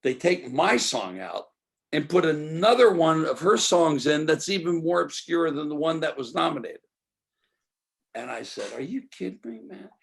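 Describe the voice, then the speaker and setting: A man's voice: a little high, very animated, measured pace, creaky. An older man, a guest in an interview, telling stories animatedly and acting out quoted dialogue. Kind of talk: storytelling interview.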